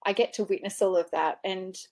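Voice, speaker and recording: Woman funeral director chatting away, lively storyteller, does little voices for quotes, mid pitch. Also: a little fast. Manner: animated storyteller who acts out her own quoted words. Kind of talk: casual interview talk.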